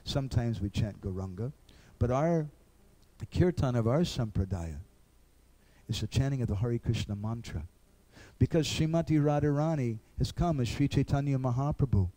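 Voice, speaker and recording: Man, devotional lecture, mellow tone, earnest. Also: medium pitch. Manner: earnest, acts out little dialogues.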